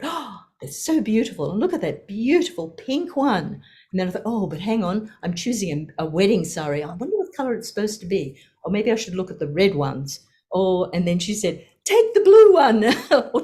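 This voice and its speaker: A woman's voice: fairly low pitch, darkish tone. An older woman sharing a personal story, laughing often and acting out the voices in her quotes.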